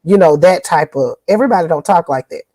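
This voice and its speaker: A woman from northern Louisiana with a northern Louisiana accent, co-hosting a podcast in casual chat, folksy and animated with old-fashioned country sayings. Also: lowish voice, fast talker, no echo, low-quality recording. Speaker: podcast co-host.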